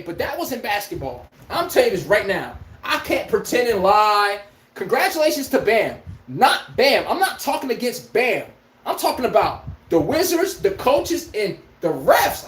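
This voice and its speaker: A man hosting his own podcast, ranting about basketball with profanity and rhetorical questions, speaking. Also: very high voice. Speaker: podcast host. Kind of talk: ranting sports commentary. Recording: echoey room.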